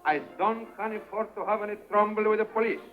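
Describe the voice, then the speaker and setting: A man's voice: high-pitched, fairly even intonation, fast talker, over music, natural voice. Man playing a flustered cafe owner. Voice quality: fractured comic English, flustered. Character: excitable male cafe owner with broken English. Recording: dull old film soundtrack from TV.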